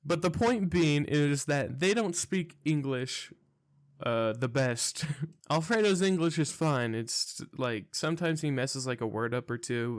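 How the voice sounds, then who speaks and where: A man's voice: medium pitch, dry recording, studio quality. A young man telling a rambling, profane story in a casual vlog monologue, sounding incredulous. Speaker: storytelling vlogger.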